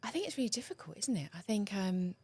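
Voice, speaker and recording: A woman's voice: mid-range voice, very animated, fast, mellow, breathy edge, no room sound. A woman relationship coach speaking as a guest in an interview, earnest and heartfelt, often checking in with "you know" and "right?". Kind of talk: conversational interview.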